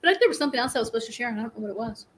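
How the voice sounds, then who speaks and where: High-voiced woman chatting casually. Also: lively intonation, racing, a bit bright, low-quality recording. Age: middle-aged. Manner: chatty, rambling storyteller, laughs often. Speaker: live stream host. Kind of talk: casual live stream chat.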